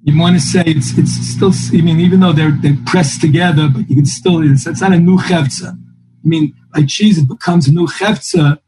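A man's voice: fairly high pitch, steady tone, normal speed, noisy background. A man teaching a Talmud class, thinking aloud and quoting texts in a lilting singsong. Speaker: Torah teacher.

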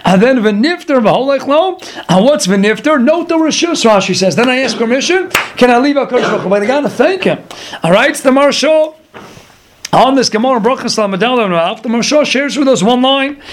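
A man's voice: very high voice, animated, fast, slight background noise. A man teaching a Torah lecture as a rabbi. He asks rhetorical questions and acts out pleas as little dialogues.

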